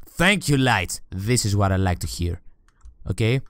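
A man's voice: on the low side, moderate pace, no room sound, studio quality. A man playing a horror game on camera, talking to the game and his viewers, often shrieking and swearing when scared. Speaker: let's play gamer.

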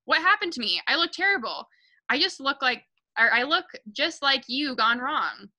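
A woman reading aloud, voicing a vain, blustering father who yells indignantly and panics over his hair. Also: high-pitched, expressive, quick pace, heavily acted. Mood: panicked. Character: blustering middle-aged father, vain car salesman.

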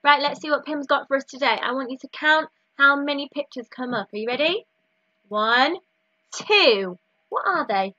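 A woman teaching a recorded maths lesson to young children in a slow, sing-song, encouraging way. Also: high-pitched, animated, sharp tone, no echo, lo-fi sound. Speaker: early years teacher.

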